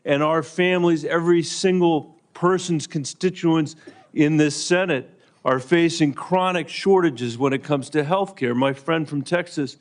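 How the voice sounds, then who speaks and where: A man's voice: a little high, unhurried. A man, a senator, questioning a nominee at a hearing in a pointed, insistent yes-or-no manner.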